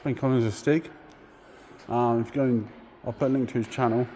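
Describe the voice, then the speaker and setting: Excitable man touring a car museum. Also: medium pitch, fairly quick, a little hiss or hum. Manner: excitable, gushing, swears when amazed. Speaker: car vlogger. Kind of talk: casual walking tour commentary. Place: indoor car museum, busy hall.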